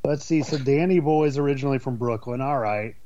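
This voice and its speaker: A man's voice: medium pitch, fairly quick, mellow, no echo, highs cut off. A man co-hosting a casual podcast chat, rambling and swearing freely. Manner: profane, rambling, with fillers and restarts. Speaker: podcast co-host. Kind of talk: casual chat about an album.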